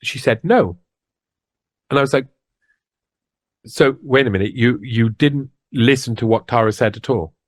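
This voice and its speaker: A man giving a personal account in an interview, halting and restarting as he replays past conversations. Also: medium pitch, no echo.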